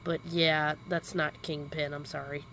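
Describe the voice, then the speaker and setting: Streamer reacting offhand in casual chat, bright, tense tone, faint noise behind. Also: medium pitch, flat delivery, a little slow, poor audio. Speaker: livestream host.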